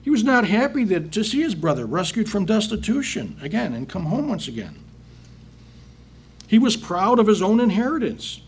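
A man's voice: high-pitched, very animated, normal speed, a little hiss or hum. A man teaching a Bible passage, reading verses aloud and then explaining them in plain words with emphatic rhetorical questions. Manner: reads scripture then paraphrases it plainly. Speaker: preacher.

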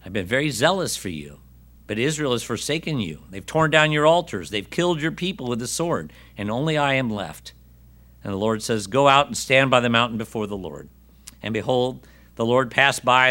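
A man's voice: medium pitch, lively intonation, brisk, sharp tone. A man preaching a sermon who reads scripture aloud, acts out its voices and asks his listeners questions.

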